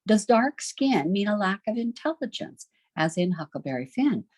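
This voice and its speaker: Lively, husky middle-aged woman teacher. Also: medium pitch, normal speed, dry recording. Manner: lively, asking the class questions, chatty. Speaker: literature teacher. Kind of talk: recorded homeschool lesson.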